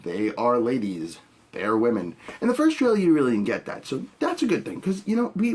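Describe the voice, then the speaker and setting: A man's voice: high voice, very animated, a little fast, darkish tone, slightly rough. A man hosting a podcast, giving a blunt, opinionated reaction with casual swearing. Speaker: podcast host.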